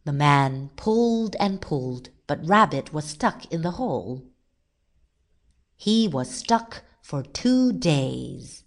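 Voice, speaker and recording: A woman reading a children's story aloud in a slow, clear, sing-song manner. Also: low voice, big pitch swings. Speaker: storybook reader.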